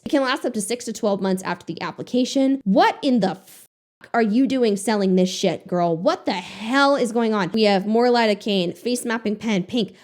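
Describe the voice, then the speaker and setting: A young woman giving casual reaction commentary on a beauty video channel, sarcastic and exasperated, swearing freely. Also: medium pitch.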